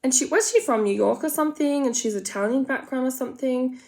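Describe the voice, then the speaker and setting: A woman's voice: high voice, quick pace, a little mellow. An Australian woman chatting casually and rambling through a makeup tutorial, full of gossipy asides. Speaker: makeup vlogger.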